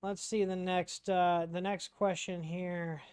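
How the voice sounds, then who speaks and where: A man's voice: high voice, little pitch movement, slow pace, a little mellow, clean tone, dry recording, clean studio sound. A man hosting a casual livestream Q&A, rambling and chatty, reading out chat questions with lots of ums.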